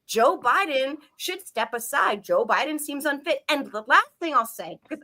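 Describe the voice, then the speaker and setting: A woman's voice: sits high, lively intonation, moderate pace, bright, forceful tone. A woman giving a heated, profane political rant on a live talk show, talking emphatically. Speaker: political commentator.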